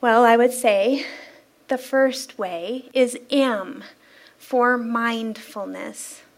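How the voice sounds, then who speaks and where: High-voiced woman giving a lively spiritual talk. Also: extremely slow. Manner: lively storytelling, playful, laughs often. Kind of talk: inspirational sermon-style talk. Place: church sanctuary.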